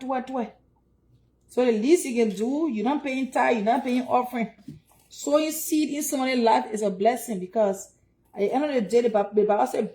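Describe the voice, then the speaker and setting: Liberian woman streamer, high voice, chatty, preaches about giving. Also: mellow. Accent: Liberian English. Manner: chatty and preachy, urging donations. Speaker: livestream host. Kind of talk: casual livestream chat.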